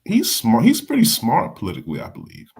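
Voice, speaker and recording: A man hosting a casual political chat, talking in an animated way, repeating words and acting out quotes. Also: medium pitch, a little fast, slightly rough. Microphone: live stream mic.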